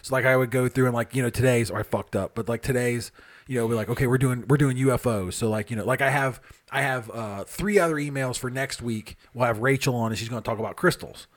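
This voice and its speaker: A man co-hosting a paranormal podcast, casual and animated, swearing and laughing often. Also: medium pitch, fast talker. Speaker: podcast co-host.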